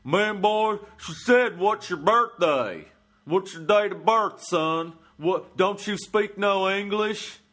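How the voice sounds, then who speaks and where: Man doing a loud, shrill hillbilly, scolding and impatient. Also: takes it slowly, exaggerated voice. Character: angry hillbilly man in a store queue.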